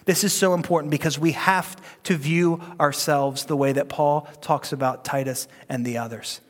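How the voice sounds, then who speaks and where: Middle-aged male pastor, high voice, casual joking sermon delivery, long hall reverb. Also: fairly even intonation, moderate pace. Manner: conversational and joking, leads the room in reading aloud. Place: church sanctuary.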